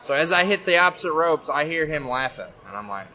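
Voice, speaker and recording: A man's voice: fairly high pitch, lively intonation, fast, bright, forceful tone, low-quality recording. A man guesting on a podcast at a convention, swearing a lot and joking as he tells stories. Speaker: pro wrestler guest. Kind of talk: casual interview. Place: busy convention hall.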